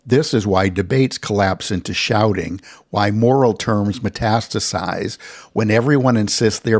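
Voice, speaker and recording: A man with a fairly low voice talks through the ideas of his book in a measured, scripted philosophy lesson. His delivery is dry and steady, and he drops in the occasional wry aside. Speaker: author explaining his book.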